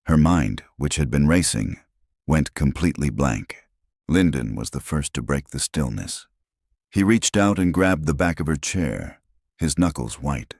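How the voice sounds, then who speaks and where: A man's voice: a bass voice, animated, a little slow, gravelly, a little mellow, breathy edge, no room sound, studio quality. A man narrating a scripted story with a dramatic, suspenseful delivery.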